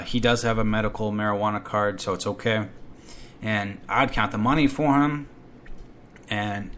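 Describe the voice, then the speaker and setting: A man telling a comic story about himself at a steady mid pitch. He rants with a lot of profanity and swings into his own quoted outbursts. The delivery is animated and loose, like an off-the-cuff podcast monologue. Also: slight background noise. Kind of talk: comedic first-person rant.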